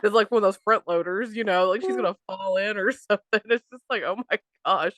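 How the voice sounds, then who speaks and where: A woman's voice: medium pitch, dry recording. A woman co-hosting a podcast in casual chat, retelling stories and laughing along. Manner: chatty, quick to laugh along. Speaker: podcast co-host.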